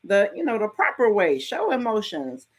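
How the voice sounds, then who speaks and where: A middle-aged woman talks candidly as the host of a motivational show. Her delivery is casual and frank, with plain everyday phrasing and a bit of swearing. Her voice sits at an ordinary pitch for a woman. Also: normal speed, husky. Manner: frank, casual, lively storytelling with mild swearing. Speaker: podcast host.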